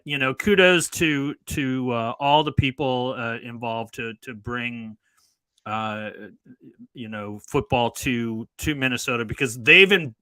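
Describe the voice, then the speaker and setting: Bright rambling man chatting football. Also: medium pitch, clear, resonant tone, dry recording, poor audio. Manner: rambling, restarts often. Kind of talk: casual banter.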